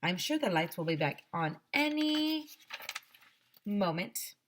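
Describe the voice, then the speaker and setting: A woman reading aloud, voicing a fussy male school principal who keeps trying to calm everyone down. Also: medium pitch, slow pace, slight background noise, voice pushed up. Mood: reassuring.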